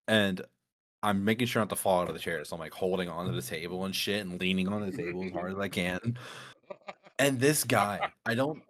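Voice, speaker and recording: A man casually telling a story among friends, animated and laughing often as he goes. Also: deep voice, brisk. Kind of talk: casual chat.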